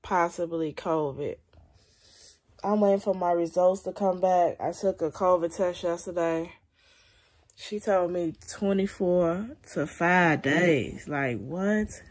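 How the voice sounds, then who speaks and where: A young woman talks into her phone from bed at home, worn out and venting. Her voice sits a little low and she takes her time, with long, tired pauses. She sounds slightly congested. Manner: weary, venting, soft and drawn out. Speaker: vlogger. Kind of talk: casual confessional vlog.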